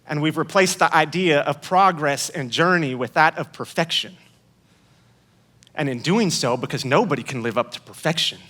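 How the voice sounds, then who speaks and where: A man's voice: fairly high pitch, pushed and bright. A man preaching a sermon as a guest speaker, in a conversational, playful way, acting out quoted voices.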